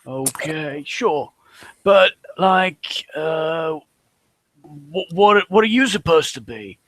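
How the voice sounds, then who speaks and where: A man's voice: on the high side, expressive, takes it slowly, fairly bright tone, a little hiss or hum, pitched below the performer's own voice. A man voicing a young, easygoing male cult acolyte who hesitates, repeats his words and says "like" a lot. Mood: bemused.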